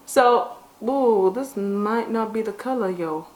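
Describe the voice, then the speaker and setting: A woman who vlogs about beauty tells a dramatic story while doing her makeup at home. She is animated and swears casually. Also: medium pitch, takes it slowly, a little hiss or hum. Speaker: beauty vlogger. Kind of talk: casual get-ready-with-me storytelling. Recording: roomy echo.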